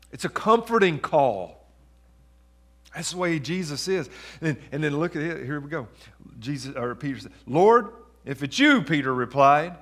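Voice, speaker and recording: A man with a slightly high voice preaches a sermon. He reads scripture aloud and talks it through in a conversational way, often asking the congregation questions. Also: animated, normal speed, a bit bright. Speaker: pastor.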